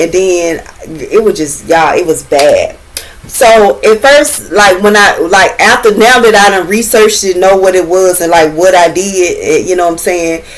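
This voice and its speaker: A middle-aged woman tells a story in a casual vlog, using loose slang, swearing freely, and repeating "you know what I'm saying." Her voice is fairly low, and the recording is rough.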